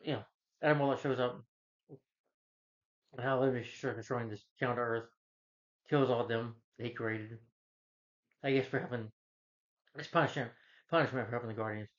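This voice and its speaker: A man's voice: medium pitch, steady tone, moderate pace, pauses often. Male reviewer, mid-range voice, rambling home recap on a muffled, lo-fi recording. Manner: rambling, full of "you know" and restarts. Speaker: movie reviewer. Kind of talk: casual plot recap. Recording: dull lo-fi sound.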